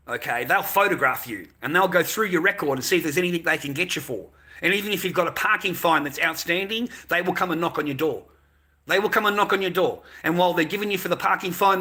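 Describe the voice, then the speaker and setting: A man's voice: on the high side, bright, forceful tone. A middle-aged man with an Australian accent, ranting in a sarcastic, mocking monologue full of swearing.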